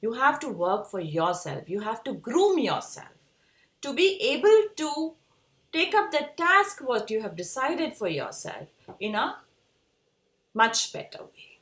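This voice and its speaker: A woman's voice: fairly high pitch, big pitch swings, measured pace, a bit bright, reverberant. A woman with an Indian English accent giving an earnest, emphatic motivational talk to design students as an educator.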